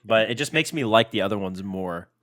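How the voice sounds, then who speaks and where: A man's voice: fairly low pitch, expressive, fairly quick, a bit bright. A man co-hosting a snack review podcast, a bit congested from allergies, giving easygoing, thoughtful opinions. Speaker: podcast co-host. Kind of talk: casual food review chat.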